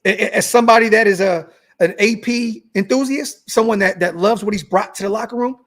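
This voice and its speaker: This high, slightly bright male voice belongs to a young podcast host on an animated sports livestream. Worked up and swearing, he reads chat superchats out loud and keeps repeating himself.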